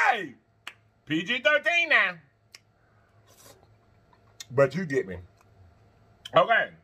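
A man hosting an eating-show vlog, chatting to viewers between bites, animated and quick to laugh. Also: high-pitched. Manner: animated, talks straight to viewers, laughs and chants; talks while eating and blowing on hot food. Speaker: mukbang host.

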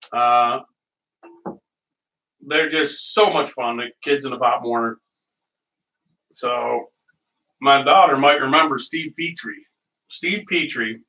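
A man's voice: mid-range voice, bright, forceful tone. A middle-aged man hosting a cooking show from his kitchen, chatting casually and telling rambling stories with frequent laughs. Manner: rambling storyteller, laughs often. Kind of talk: casual chat while cooking. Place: home kitchen. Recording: voice heard from a distance.

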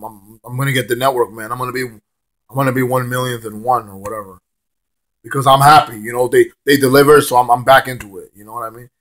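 Hoarse young man ranting. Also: mid-range voice, fairly bright tone. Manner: stammering, repeats words, profane and blunt. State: hoarse, lost his voice. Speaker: wrestling fan vlogger. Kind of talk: casual ranting monologue.

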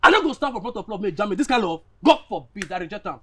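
A man's voice: sits high, sing-song, rapid-fire. An actor playing a blunt, teasing young male friend, speaking Nigerian Pidgin. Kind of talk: film drama acting.

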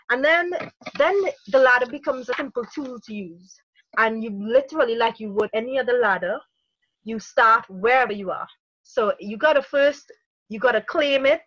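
Lively woman, parenting coach explaining. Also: on the high side, no room sound, dull audio. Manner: energetic, acts out inner dialogue in quotes. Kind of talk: podcast interview.

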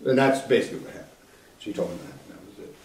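A man's voice: lowish voice, big pitch swings, rapid-fire, darkish tone. Older man telling a story in an echoey room. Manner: conversational, acts out quoted dialogue. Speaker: keynote speaker. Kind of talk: storytelling talk. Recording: echoey room, voice from some distance.

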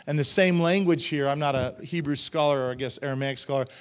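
A man's voice: on the high side, fast talker, clean tone. A middle-aged man, a pastor, preaching a sermon, reading scripture and adding emphatic, conversational asides to the congregation. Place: church sanctuary.

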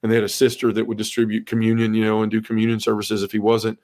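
A man's voice: on the low side, completely flat delivery, fast talker, darkish tone. A middle-aged man, a podcast guest, earnestly recounting his personal conversion story in conversation, often adding "you know" asides.

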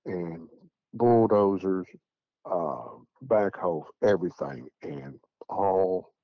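Gravelly low Southern man telling a story. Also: no room sound. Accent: Southern American. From Tennessee, USA. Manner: rambling, repeats "I said" and "he said". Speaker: guest recounting encounters. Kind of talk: casual storytelling. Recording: dull, dry lo-fi audio.

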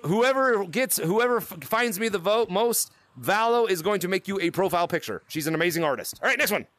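A man hosts a casual live game session for his fans, his voice high and bright. He bounces all over his pitch range, excitable and rushing, restarting sentences as he goes. He is heard through a VR headset mic. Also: no room sound. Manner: excitable, rapid, restarts often. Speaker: gaming YouTuber hosting a fan event. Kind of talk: casual live gameplay chat.

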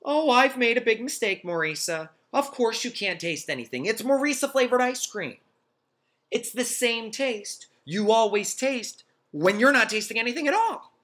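A man's voice: extremely high pitch, very animated, moderate pace, fairly bright tone, voice pushed up, full character voice. Man doing a kind, coaxing schoolteacher lady. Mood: apologetic. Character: kind, eager woman schoolteacher.

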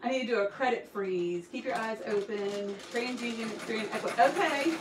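A woman's voice: on the high side, moderate pace. A woman, chatting casually on a live stream from her embroidery workroom and answering viewer comments, often calling herself dumb. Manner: chatty, self-deprecating, reads out viewer comments. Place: home craft workroom with a sewing machine running. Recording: roomy echo, distant mic, faint noise.

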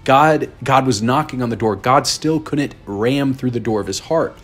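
A man's voice: medium pitch, moderate pace. A man hosting a reaction video, earnestly exhorting the viewer directly in a preachy commentary. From United States. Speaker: host reacting to a clip.

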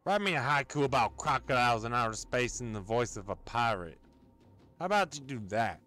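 A man's voice: mid-range voice, lively intonation, fairly quick, pushed and bright, faint music behind. A man live-streaming, chatting casually and playfully goading a chatbot. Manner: playful, goofing around with a chatbot.

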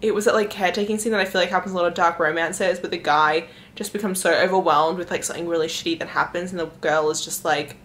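A young woman vlogging about books she is reading, chatting casually and gushing, with "like" in nearly every phrase, swinging from hushed to excited. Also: on the low side, fast, hardly any pauses, slight background noise. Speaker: book vlogger. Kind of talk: casual chat.

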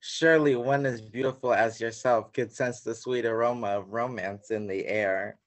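A man's voice: mid-range voice, steady tone, moderate pace, lightly acted. A young man reciting as a romantic prince. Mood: courtly. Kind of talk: reciting a line from a play.

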